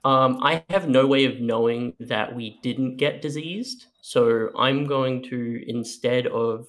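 A man at mid pitch plays a tabletop game with friends. He talks hesitantly, with frequent ums and restarts. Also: slow pace. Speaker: player.

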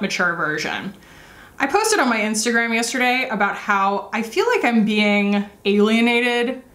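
A woman's voice: mid-range voice, fairly bright tone. A woman in her thirties chatting through a makeup tutorial as a beauty vlogger, rambling with lots of fillers. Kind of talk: casual makeup tutorial chat. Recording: echoey room.

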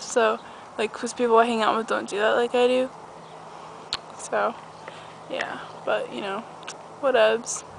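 A woman's voice: a little high, creaky. A young woman chatting casually in a vlog from a backyard trampoline, rambling and giggly, with a dog barking nearby. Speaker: vlogger. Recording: noisy outdoor camcorder audio. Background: outdoor ambience with a dog barking.

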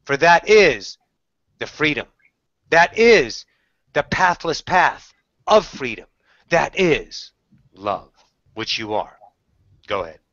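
A woman's voice: deep voice, sing-song, slow pace, long pauses, a bit bright, no room sound. A woman channeling spiritual teachings in a webinar, preachy, with rhetorical questions, calling the listener darling. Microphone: webinar call audio. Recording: slightly dull webinar audio.

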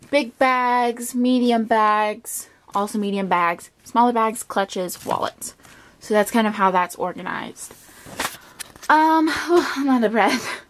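A woman's voice: a little high, a little hiss or hum. Chatty woman giving a closet tour. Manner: chatty, many ums and likes. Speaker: beauty vlogger. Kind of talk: casual closet tour vlog. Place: at home by her closet.

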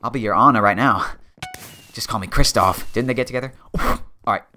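A man's voice: lowish voice, fairly quick, sharp tone, slight background noise. Joking young man narrating his game.

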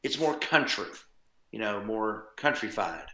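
Animated lowish male voice actor, echoey. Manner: animated storyteller, quick asides and chuckles. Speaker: voice actor guest. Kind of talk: casual interview chat. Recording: roomy echo.

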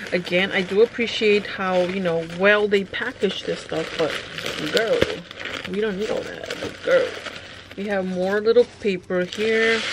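A young woman vlogging at home, chatty and excitable, gushing to her viewers as she unboxes. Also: medium pitch, slight background noise, low-quality recording. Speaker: beauty vlogger. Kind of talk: casual unboxing vlog.

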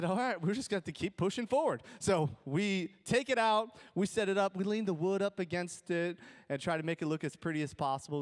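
A young man preaching a sermon, telling a funny story with jokes and laughs before reading Scripture, with an Upper Midwest American accent. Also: a little high. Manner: animated, joking storyteller who laughs at his own jokes. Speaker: pastor.

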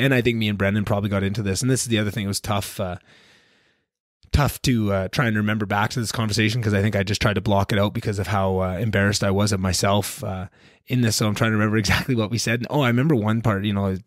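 A man's voice: fairly low pitch, dry recording, studio quality. A young man hosting a podcast, rambling and self-deprecating with lots of fillers and restarts. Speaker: podcast host. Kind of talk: casual podcast chat.

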